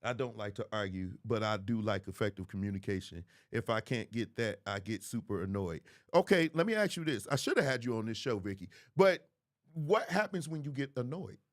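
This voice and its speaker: A man's voice: lowish voice, expressive, a little fast. A man, hosting a livestream commentary in an emphatic, preachy way, repeating phrases for effect. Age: 40s. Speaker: host.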